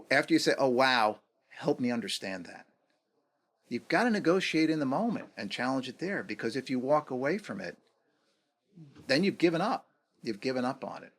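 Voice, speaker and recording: A man in his fifties, a guest on a podcast interview, talking reflectively and acting out quoted dialogue with lively swings in pitch. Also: moderate pace. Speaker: guest, negotiation executive.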